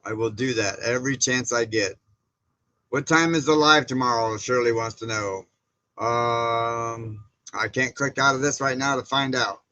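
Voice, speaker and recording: A man hosts a casual livestream with a bright, forceful voice. He rambles with plenty of fillers and restarts, reading chat comments and greeting viewers by name. His tone stays friendly and informal throughout. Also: medium pitch, unhurried, no room sound, poor audio. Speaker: livestream host. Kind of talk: casual live-stream chat.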